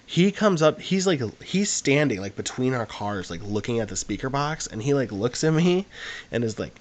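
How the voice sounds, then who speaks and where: A man's voice: medium pitch, sing-song, moderate pace. A young man, co-hosting a podcast and telling a long, rambling anecdote in casual chat, full of fillers. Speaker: podcast co-host.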